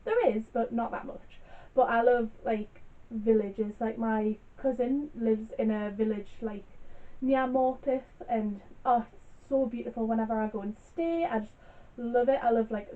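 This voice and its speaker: A young woman talks through her book picks in a loose, rambling way, filling her sentences with giggles and fillers. Her voice sits a little high, and it comes across thin and tinny, as if heard over a phone line, with the speaker set back from the mic. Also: distant mic. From Newcastle, England. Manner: chatty and rambling, full of "like" and giggles. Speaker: book vlogger. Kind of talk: casual book review chat.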